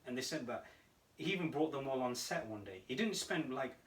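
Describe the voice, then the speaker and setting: A man co-hosting a casual podcast, telling stories with animated energy and frequent laughter. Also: mid-range voice, a little fast. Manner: animated storytelling, laughs often. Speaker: podcast co-host. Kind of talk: casual chat. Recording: roomy echo, mic at a distance.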